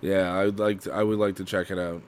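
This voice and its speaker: A man co-hosting a podcast, chatting casually, swearing freely and slipping into quick impressions. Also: sits low, little pitch movement, clear, resonant tone. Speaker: podcast co-host.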